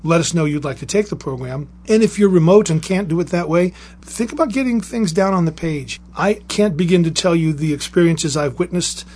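Man, guest author, storyteller; husky, a bit high, animated delivery. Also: fairly quick. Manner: lively anecdotal storytelling with restarts. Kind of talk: storytelling and reading aloud.

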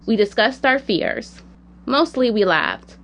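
A woman's voice: fairly high pitch, animated, slow pace, a bit bright. Woman telling a personal story. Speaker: narrator.

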